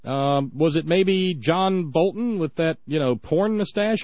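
A man co-hosting a political talk radio show, sarcastic and halting, with many fillers. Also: on the high side, dry recording. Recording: dull dry lo-fi sound.

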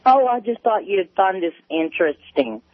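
A man's voice: sits high, animated, dry recording. A man calling in to a radio show, hesitant and full of fillers. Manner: slow, hesitant with many fillers. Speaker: caller. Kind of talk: call-in radio chat. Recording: tinny phone line.

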